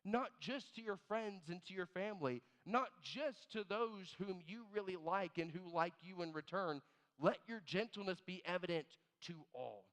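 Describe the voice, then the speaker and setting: Texas preacher guy, animated, high pitched, big echoey church sanctuary. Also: normal speed. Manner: animated storyteller, acts out both sides of little scenes; drops low and quiet on key words. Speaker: pastor. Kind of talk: sermon. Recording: long reverb of a church hall.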